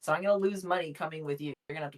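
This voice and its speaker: Lower-voiced woman, blunt haggler. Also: very fast. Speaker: player. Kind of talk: tabletop role-play in character.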